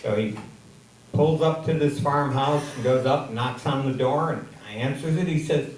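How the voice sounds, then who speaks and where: A man's voice: medium pitch, moderate pace, a little mellow. A man telling a long shaggy-dog joke on a comedy theater stage, rambling with repeated words and restarts. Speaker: audience member telling a joke. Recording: echoey theater from far off with noise.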